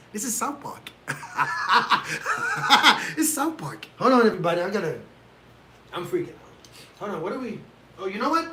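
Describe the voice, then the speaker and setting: A man's voice: high-pitched, pushed and bright, slight background noise. A man hosting a casual livestream, ranting in an exasperated way and talking straight to his chat from a room at home. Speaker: livestream host reacting to fights.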